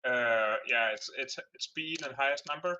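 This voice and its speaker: A man with a bright, forceful voice chats casually as a tabletop player and often trips over his words. His audio sounds dull and muffled, like lo-fi voice chat. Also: mid-range voice, moderate pace, clean tone. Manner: rambling, restarts and fillers.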